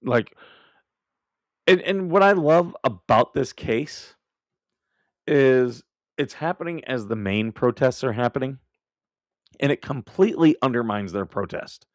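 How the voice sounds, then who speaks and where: A man's voice: medium pitch, a little slow, pauses often, dry recording. A man hosting a casual live stream, talking bluntly and combatively with lots of swearing and laughing at his own remarks. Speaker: livestream host.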